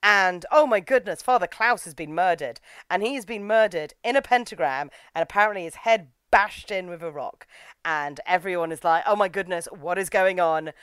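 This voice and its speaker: Woman podcast host, lower pitch, clear tone, lively recap storyteller. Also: normal speed, dry recording. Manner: animated storytelling, acts out characters' lines. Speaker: podcast co-host reviewing anime. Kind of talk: casual recap chat.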